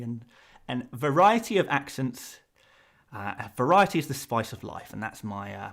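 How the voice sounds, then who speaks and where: A man's voice: medium pitch, big pitch swings, normal speed, vocal fry, fairly bright tone. An English man streaming live, rambling and self-conscious as he answers viewers, laughing often between restarts. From England. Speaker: fantasy football streamer.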